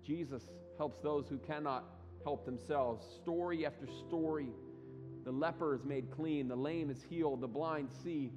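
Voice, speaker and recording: Man, pastor, sermon, animated storytelling, repeats himself, echoing hall, soft music behind. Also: fairly high pitch, moderate pace, muffled recording. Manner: animated storytelling with acted quotes, many restarts.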